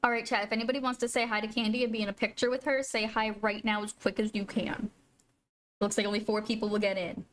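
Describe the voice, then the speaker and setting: A woman's voice: medium pitch, flat delivery, quick pace, a bit bright, a little hiss or hum. A woman live-streaming a video game, chatting casually with viewers and gushing over her pets. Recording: faint music behind.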